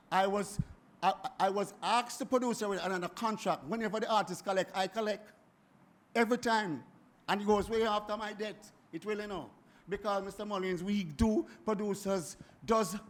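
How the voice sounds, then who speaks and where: A Jamaican man in his seventies, speaking at a forum in an animated, emphatic way that keeps circling back and repeating itself. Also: sits high. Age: 70s. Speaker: music producer speaking at a forum. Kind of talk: impassioned spoken address.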